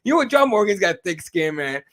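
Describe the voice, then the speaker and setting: A man co-hosting a fight podcast in casual chat, swearing freely and telling animated stories. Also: high voice, fairly quick. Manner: animated storyteller, swears a lot, laughs at own stories. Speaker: MMA podcast co-host. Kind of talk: casual profane chat, reading viewer comments.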